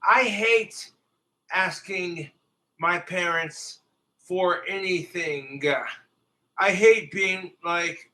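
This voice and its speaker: A man's voice: high voice, very slow, bright, forceful tone, poor audio. A man ranting crudely and profanely on a livestream, talking straight to his viewers. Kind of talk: livestream rant.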